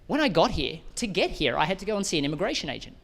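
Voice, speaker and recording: Casting: energetic man onstage, lively swinging delivery, asks the crowd questions. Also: sits high, rapid-fire, creaky. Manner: animated, addresses audience members directly with questions. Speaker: keynote speaker. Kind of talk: motivational business talk.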